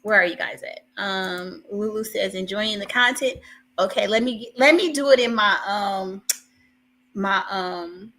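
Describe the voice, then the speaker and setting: A woman with a medium-pitched, sharp-toned voice speaks at a measured pace while hosting a live stream. As she waits, she chats casually and animatedly with her viewers, giving live commentary to the chat and often laughing between lines.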